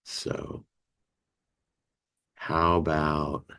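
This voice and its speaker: A man's voice: deep voice, slow, vocal fry. A man hosting a community meeting, teaching about feelings in a conversational way and acting out emotion words. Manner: animated, acts out emotion words with gasps and sighs; conversational, many "you know" and "right". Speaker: meeting host and life skills teacher.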